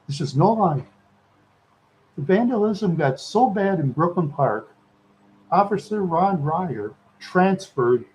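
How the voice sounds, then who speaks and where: A man's voice: fairly high pitch, a little mellow, slight background noise, poor audio. Chuckling man rambling on a live stream. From Minnesota. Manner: chuckles often, repeats words, rambling.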